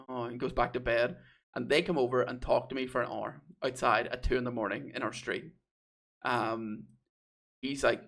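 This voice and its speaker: Young co-host with a mild Northern Irish accent, rambling storyteller, mid pitch. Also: male voice, fairly even intonation, brisk, fairly bright tone. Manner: rambling storyteller, quotes others, laughs often. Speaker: podcast co-host. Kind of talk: casual chat.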